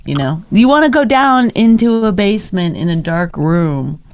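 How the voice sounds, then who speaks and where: A woman's voice: mid-range voice, expressive, normal speed, clear, resonant tone, no echo. A female comedian co-hosting a podcast, chatting casually and wryly with plenty of fillers. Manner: casual, wry, with many fillers and asides.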